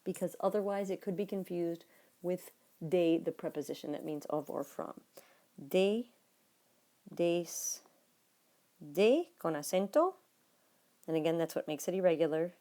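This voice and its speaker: Low gravelly lady teacher going over spanish notes, patient, talks right to the kids. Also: measured pace, long pauses, dark tone. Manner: explaining patiently, talking to students directly; drops to a low, near-whispered aside while writing. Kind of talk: recorded classroom lesson notes.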